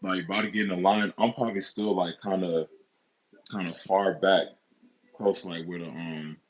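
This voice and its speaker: A man's voice: sits low, steady tone, moderate pace, lo-fi sound. A man in his twenties telling a personal story in a casual, rambling, profane way, repeating himself often.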